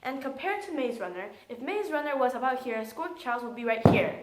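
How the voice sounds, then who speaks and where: A woman's voice: high voice, animated, moderate pace, pauses often, echoey room, heavy background noise. A woman giving a casual, blunt and sarcastic spoken movie review.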